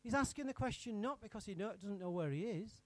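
A man's voice: high-pitched, animated, fast, dry recording. A man preaching an interactive sermon, teasing his congregation by name and firing questions at them.

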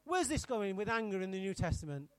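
A man's voice: high voice, big pitch swings, fast, a bit bright, smooth, no room sound. A man preaching an interactive sermon, teasing his congregation by name and firing questions at them.

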